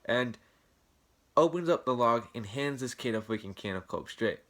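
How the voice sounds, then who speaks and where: Young guy ranting thru a storytime vlog, bright edgy voice, cusses a lot. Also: medium pitch, expressive, normal speed. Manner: swearing, indignant, rambling retelling. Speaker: vlogger. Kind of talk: casual storytime rant.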